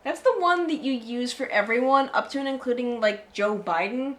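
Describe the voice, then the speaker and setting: A woman's voice: on the high side, moderate pace, a bit bright. A woman from southeastern Pennsylvania with a Philadelphia American accent, chatting casually as co-host and rambling with lots of fillers. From southeastern Pennsylvania, USA. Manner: rambling, heavy on fillers like "like" and "you know". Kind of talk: casual chat.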